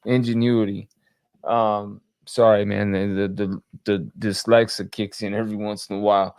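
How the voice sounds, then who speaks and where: A man with a lowish voice talks through his memories in a casual chat. He stops and restarts often, repeating words and padding with fillers. The sound is dry and close. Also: level tone, normal speed, a little mellow, clear, resonant tone, no room sound. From California. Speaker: guest. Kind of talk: casual conversation.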